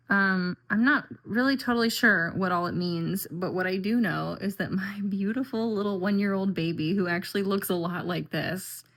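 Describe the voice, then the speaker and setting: A woman's voice: medium pitch, fairly bright tone. Chatty, rambling woman vlogger. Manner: chatty and rambling, with frequent fillers and "like". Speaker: tarot and oracle deck vlogger. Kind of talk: casual chat.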